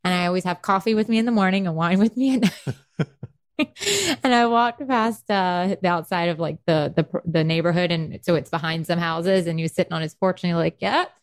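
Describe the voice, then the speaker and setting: A woman's voice: fairly low pitch, a little fast, smooth. A woman from South Carolina with a South Carolina accent, co-hosting a dental hygiene podcast in chatty, laughing conversation. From South Carolina, USA. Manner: chatty, laughing, animated storyteller. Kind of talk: casual chat.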